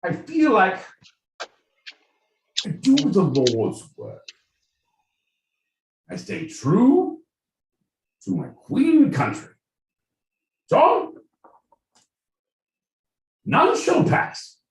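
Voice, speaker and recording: A man's voice: sits high, wildly swooping pitch, very slow, pauses often, pitched above the performer's own voice, exaggerated voice. A man putting on a pompous mock-British gent. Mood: grandiose. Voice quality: grand, swooping exaggerated delivery. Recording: echoey room, mic at a distance.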